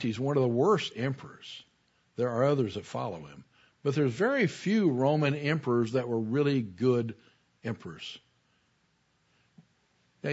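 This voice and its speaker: A man preaching a sermon in a loose, talky way, turning to his listeners with questions as he goes. His voice is husky, and the recording sounds muffled and lo-fi. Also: medium pitch. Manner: conversational, digressive, asks the listeners questions. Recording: dull lo-fi recording.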